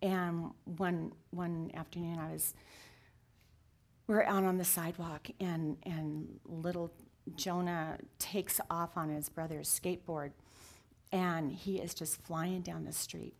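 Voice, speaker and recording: A woman's voice: on the low side, level tone, takes it slowly. Earnest woman in her sixties. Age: 60s. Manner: earnest and heartfelt, softening to near whispers. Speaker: guest sharing her story. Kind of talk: confessional interview talk.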